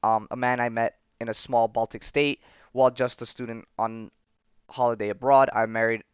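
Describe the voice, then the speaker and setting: A grave, dying mother confessing to her son, as a man reads her out in his own voice. The voice is clear and even, and the recording is dry and slightly dull. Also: medium pitch, normal speed, no echo, lightly acted.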